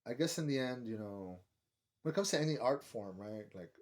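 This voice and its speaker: This film reviewer has a mid-range voice and talks animatedly and fairly quickly. His casual review rambles, with lots of profanity and constant use of "like."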